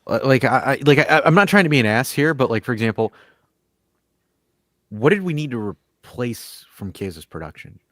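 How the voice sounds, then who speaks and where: A man's voice: medium pitch, sing-song, moderate pace, fairly bright tone, dry recording, clean studio sound. A man hosting a casual call-in sports podcast, reading viewer comments and arguing his point with lots of stammered restarts. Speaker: host.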